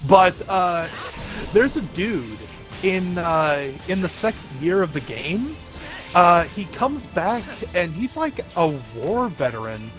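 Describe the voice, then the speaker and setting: A man's voice: high voice, big pitch swings, takes it slowly. A young man streaming a game, telling a rambling story in casual chat and leaning heavily on filler words. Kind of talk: casual chat while gaming. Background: game music.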